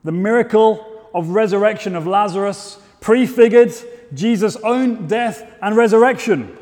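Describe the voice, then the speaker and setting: A man preaching a sermon, telling the story in a measured way and rising to loud, emphatic peaks. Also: high-pitched. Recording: long hall reverb.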